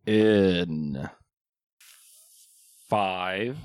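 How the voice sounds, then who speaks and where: Very deep-voiced slow-talking woman. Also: a little mellow, clean tone, no echo, clean studio sound. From Indiana. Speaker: podcast co-host. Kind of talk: casual chat.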